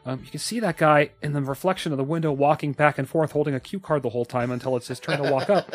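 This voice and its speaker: A man's voice: on the high side, fast talker. Profane, joking male podcast host. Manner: profane, jokey storytelling with put-on voices. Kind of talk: casual podcast chat.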